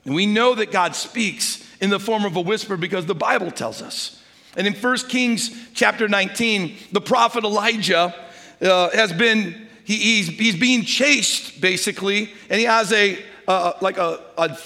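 An older man, a grandfather, preaching a sermon and telling stories, dropping to a hush when he quotes a whisper. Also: high voice, measured pace. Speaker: pastor. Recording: long hall reverb.

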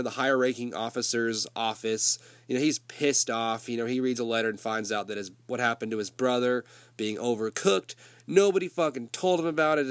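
A man's voice: medium pitch, no echo. A man with a summer cold recapping a movie in loose, profane, conversational storytelling.

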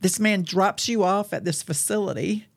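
A woman's voice: medium pitch, normal speed, vocal fry. A woman hosting an interview, prompting her guest with encouraging questions and frequent short reactions. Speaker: host. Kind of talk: interview conversation.

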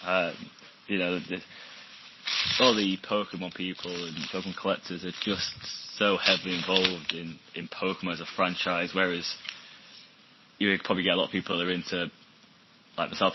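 A man's voice: low-pitched, a little hiss or hum. A man chatting casually as a podcast guest in a laid-back way. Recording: dull lo-fi sound.

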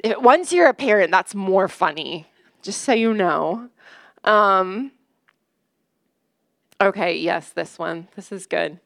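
A woman's voice: mid-range voice, expressive, unhurried, gravelly, a bit bright, dry recording. A woman speaking at a church gathering in a chatty, self-deprecating way, telling jokes and laughing often. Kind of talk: casual sermon with jokes.

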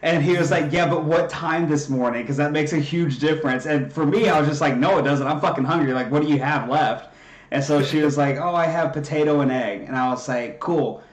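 A man telling a story in casual chat, profane and animated, acting out what everyone said. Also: fairly high pitch, brisk, echoey room. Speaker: podcast co-host.

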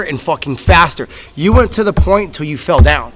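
Fervent coach swearing freely, faint music. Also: male voice, a little high, animated, normal speed, fairly bright tone. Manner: fervent, swears freely, repeats words when worked up. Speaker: coach and podcast co-host. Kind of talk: casual motivational podcast talk. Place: gym.

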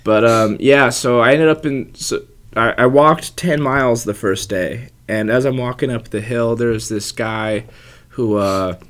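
A man's voice: medium pitch, measured pace, fairly bright tone. A young man in his twenties telling a rambling travel story in casual chat, full of "like" and casual swearing. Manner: rambling, fillers like "like" and frequent swearing.

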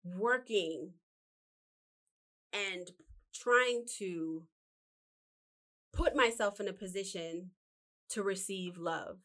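A woman's voice: medium pitch, extremely slow, pauses often, a bit bright. A woman telling a Bible story in a loose, chatty monologue filled with fillers and asides, recorded indoors. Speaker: vlogger retelling a Bible story.

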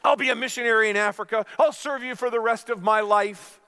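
A pastor voicing a frantic man who is dangling from a cliff edge, yelling and stammering his pleas for help. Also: a little high, lively intonation, moderate pace, in a large hall. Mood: desperate pleading.

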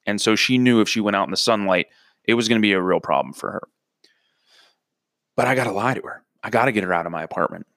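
This young storyteller talks fast in a fairly low, gravelly voice with some brightness to it. He delivers a profane, rambling comedy story with self-deprecating asides, and the studio recording is clean, with no echo.

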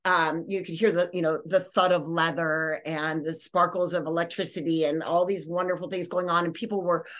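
A woman podcast host telling a story in a rambling, animated way, full of fillers and restarts. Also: fairly low pitch, normal speed, hardly any pauses. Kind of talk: casual storytelling.

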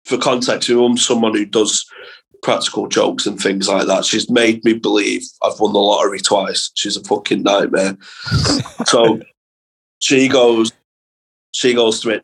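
A young man, a comedian guest on a podcast, telling animated school anecdotes in casual chat with plenty of swearing. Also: on the low side, measured pace, creaky, slightly rough, poor audio.

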